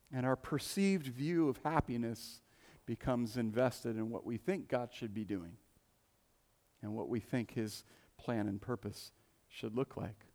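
A male preacher with a mid-pitched voice who talks through his sermon casually, asking the listeners questions as he goes. His voice carries through a large church with a long reverb tail. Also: unhurried, a little mellow. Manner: conversational, rhetorical questions, restarts.

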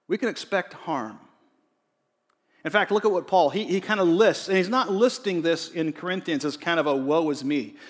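A man preaching a sermon in a conversational way, rising to emphatic readings of scripture. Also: on the high side. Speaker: pastor. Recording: long reverb of a large hall.

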